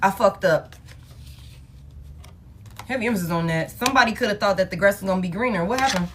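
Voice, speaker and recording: A woman giving a casual tarot reading in a blunt, profane, animated way, repeating herself for emphasis. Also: mid-range voice, very fast, background noise. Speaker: tarot reader.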